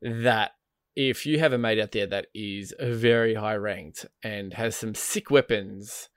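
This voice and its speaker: A man's voice: on the low side, fairly even intonation, a little slow, dry recording, studio quality. A man chatting casually about a game, rambling, laughing and swearing, full of fillers. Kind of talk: casual gaming chat.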